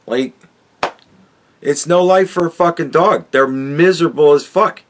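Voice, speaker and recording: A man's voice: fairly high pitch, measured pace, slight background noise. A man hosting a podcast, ranting crudely and mockingly with heavy swearing as he reacts to a clip. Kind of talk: profane ranting commentary.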